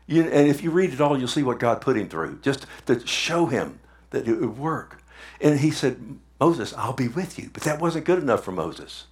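A man's voice: mid-range voice, big pitch swings, moderate pace. A man preaching a sermon in a conversational way, asking the congregation questions and repeating words for emphasis. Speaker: pastor.

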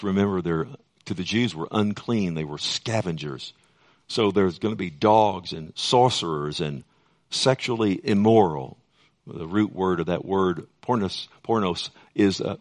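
A man preaching a sermon, talking conversationally and rising into emphatic bursts. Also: on the low side.

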